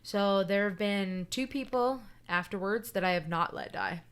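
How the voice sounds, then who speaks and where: A woman's voice: mid-range voice, moderate pace, clear, resonant tone. A woman in casual podcast chat, telling a personal story bluntly, swearing often and checking in with "right?". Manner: emphatic and candid.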